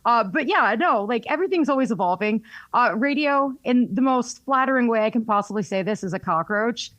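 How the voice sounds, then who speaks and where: A woman's voice: fairly high pitch, animated, fairly quick, fairly bright tone, no echo. A young woman with a Southern US accent, a radio personality chatting casually in an interview, full of fillers. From North Carolina, US. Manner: chatty, frequent "like" fillers, laughs often.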